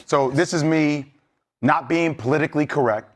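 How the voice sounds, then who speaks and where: A man's voice: a little high, normal speed. A man, a former player, giving blunt, rallying talk as a guest on a sports debate show. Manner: blunt, rallying, streetwise slang.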